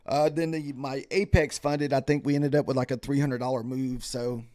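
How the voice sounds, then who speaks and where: A man's voice: mid-range voice, level tone, moderate pace, a little mellow, dry recording, studio quality. A tired man chatting casually on a live stream as he trades futures, rambling and thanking followers. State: tired, yawning.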